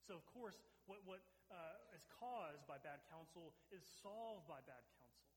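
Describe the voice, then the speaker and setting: Male pastor, slightly high voice, earnest emphatic sermon delivery, reverberant hall sound. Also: animated, measured pace. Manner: earnest, emphatic preaching with repeated phrases.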